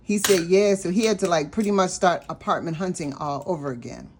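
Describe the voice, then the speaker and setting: A woman vlogging about her budget, telling a personal story in a chatty, animated way and talking straight to her viewers. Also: lowish voice, a little fast, very noisy. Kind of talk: casual storytelling vlog.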